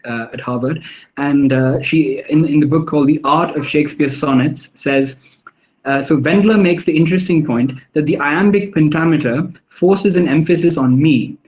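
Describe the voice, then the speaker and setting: A man giving an academic lecture on poetry in a thoughtful, halting way, with many fillers and restarts, slowing down to stress words. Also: medium pitch, a little mellow, dull audio. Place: online workshop session.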